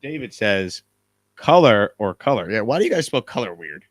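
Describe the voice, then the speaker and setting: A man's voice: on the low side, sing-song, normal speed, no room sound, studio quality. A man hosting a casual live stream from a hotel room, upbeat and reading out viewer comments. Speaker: show host.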